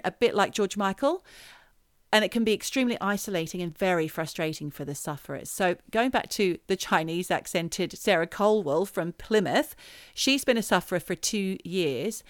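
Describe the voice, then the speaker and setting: A woman's voice: medium pitch, expressive, normal speed, no echo, clean studio sound. A woman co-hosting a podcast, telling a story in casual chat and reading quotes aloud. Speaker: podcast co-host.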